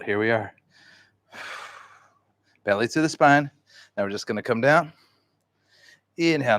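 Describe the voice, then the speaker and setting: Calm male yoga instructor, dry sound. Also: medium pitch, no room sound. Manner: calm breath cues, relaxed and encouraging. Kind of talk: guiding a yoga class.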